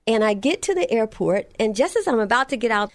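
A woman's voice: fairly high pitch, big pitch swings, brisk, dry recording, studio quality. Earnest woman telling a personal testimony. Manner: earnest, emphatic, repeats phrases for effect. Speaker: storyteller.

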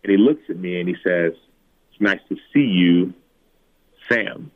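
Low-voiced man telling his story over a tinny line. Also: unhurried. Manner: animated retelling, acting out quotes in a higher voice. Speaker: guest, former football player. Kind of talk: personal storytelling in an interview. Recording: tinny phone-like remote line.

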